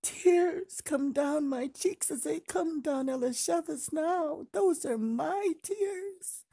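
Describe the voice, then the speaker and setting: A woman delivering a prophetic prayer in a tearful, pleading voice, breaking into shouts. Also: high-pitched, slow pace, creaky, no room sound.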